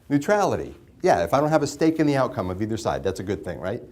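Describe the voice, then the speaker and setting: A man's voice: medium pitch, huge pitch swings, moderate pace, a little mellow. Guy lecturing a mediation class, chatty, keeps quizzing the room and echoing answers. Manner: conversational, asks the class questions and repeats their answers. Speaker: mediation instructor.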